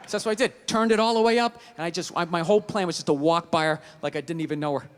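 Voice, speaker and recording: A man's voice: fairly high pitch, rapid-fire, clean tone. A middle-aged man doing stand-up comedy, telling stories in a profane, ranting way.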